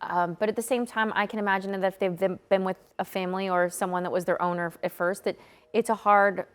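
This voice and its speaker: A woman's voice: medium pitch, steady tone, quick pace, smooth. A woman hosting a TV news segment, chatty and bubbly as she interviews a guest. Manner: bubbly, gushing over dogs. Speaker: TV news host. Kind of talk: morning TV interview.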